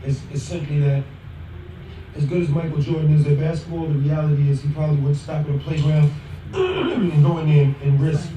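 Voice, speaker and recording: A man's voice: on the high side, fairly quick, dark tone, slight background noise. A man in an interview, explaining a point with an analogy. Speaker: interview guest. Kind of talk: casual interview talk. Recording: echoey room, far from the mic.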